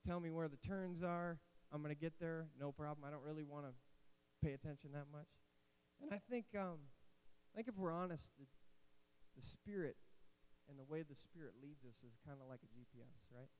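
A man's voice: fairly high pitch, a little fast, smooth, low-quality recording. A man in his late twenties giving a casual sermon as a youth pastor, telling stories and cracking jokes along the way. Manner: animated storytelling with asides and jokes. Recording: faint hiss.

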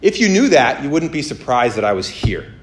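A man preaching on a podcast, telling stories with lively acted-out voices and many fillers. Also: a little fast, echoey room. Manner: animated storytelling, acts out voices with big pitch jumps. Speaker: pastor. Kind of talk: sermon on a podcast.

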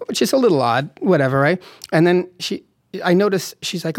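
A man, a film director, telling an animated anecdote in conversation and acting out quotes. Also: high voice, a little fast, dry recording, clean studio sound. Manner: animated storyteller, acts out quotes, laughs often.

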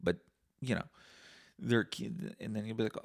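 Gravelly low-voiced man ranting. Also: fairly even intonation, normal speed, pauses often. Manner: profane, sarcastic, rambling. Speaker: podcast host. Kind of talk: casual solo podcast rant.

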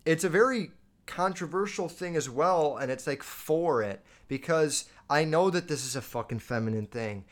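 A young man talking casually and bluntly into the camera, swearing a lot and getting animated as he reads out and answers viewer comments. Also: fairly high pitch, normal speed. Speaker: vlogger reading viewer comments. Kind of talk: casual unscripted monologue.

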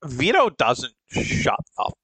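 A man co-hosting a podcast, retelling a story in an unhurried, animated way with fillers. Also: fairly high pitch, slightly rough, dry recording, rough recording. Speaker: podcast co-host. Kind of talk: casual chat recapping stories.

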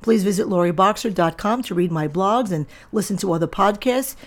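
A woman's voice: mid-range voice, a little fast. A middle-aged woman hosting her own podcast, talking firmly and directly to listeners in a lecturing monologue. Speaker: podcast host and diet center owner.

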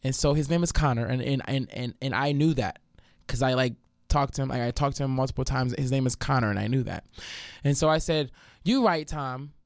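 A man hosting a casual podcast who tells stories in an animated, profane way and acts out what other people said. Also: medium pitch, fairly quick, creaky, no room sound, studio quality. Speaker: podcast host. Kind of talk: casual storytelling chat.

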